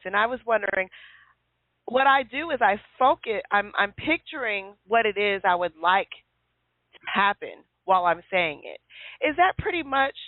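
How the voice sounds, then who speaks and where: A woman hosting a casual call-in radio chat, telling stories with lively acted-out quotes. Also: mid-range voice, dry recording. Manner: lively storyteller who acts out quotes. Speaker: show host. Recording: tinny phone line.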